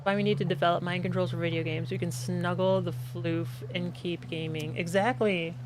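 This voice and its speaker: A woman's voice: on the low side, fairly even intonation, normal speed, noisy background. A woman streaming a game from her home office, chatting casually, answering her chat and talking to her cat. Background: background music.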